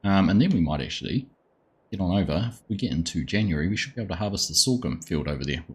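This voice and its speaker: A man's voice: low voice, animated, quick pace, husky. A man with an Australian accent, chatting casually with viewers as a live game streamer and greeting them by name. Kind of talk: casual live-stream chat while playing.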